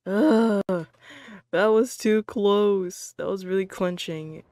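A VTuber gives casual live commentary while gaming, rambling and joking with plenty of fillers and minced oaths, and breaking into excited yells during play. The voice is mid-range and slow, with a little hiss or hum.

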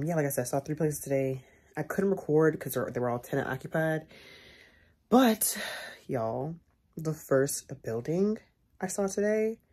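Speaking in a low, husky voice with a dark tone, this young woman vlogs casually from home. She's chatty and repetitive, frequently addressing viewers as "y'all," and she comes from the Chicago area in the US.

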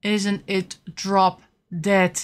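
A young woman casually showing off her collectible merchandise, gushing and excitable with frequent giggles. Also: medium pitch, very slow. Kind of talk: casual unboxing chat.

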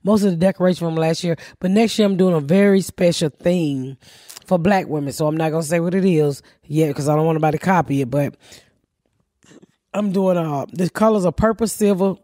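A woman's voice: low voice, fairly quick, warm tone, no echo, studio quality. A Southern American woman, a comedian and podcast host, telling brash, profane stories in casual chat with a congested voice.

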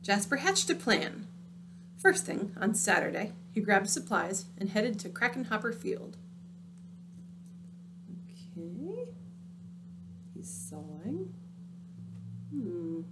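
Slow, expressive woman reading a storybook. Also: medium pitch, noisy background. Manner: dramatic, drops into hushed spooky tones. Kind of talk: picture book read-aloud.

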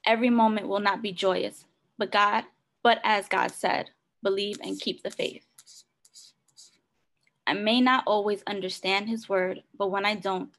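A woman's voice: medium pitch, a bit bright. A woman reading her personal church devotional in a sincere, earnest way. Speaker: devotional reader.

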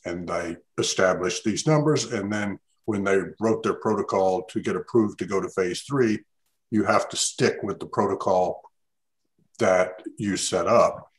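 A man scientist on a panel, explaining in a measured way. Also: low-pitched, rough recording. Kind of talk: panel discussion.

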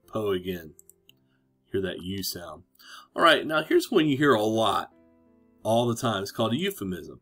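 A man's voice: sits low, moderate pace, a bit bright, soft background music. A man teaching a recorded lesson to children, chatty and encouraging. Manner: chatty, encouraging, reads quotes aloud with emphasis.

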